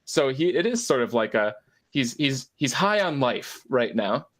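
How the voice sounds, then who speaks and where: A man runs a tabletop role-playing game, describing the scene at a middling pitch. He hesitates often, restarting sentences and filling pauses as he narrates. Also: very animated, a bit bright. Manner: hesitant, many fillers and restarts. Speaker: game master.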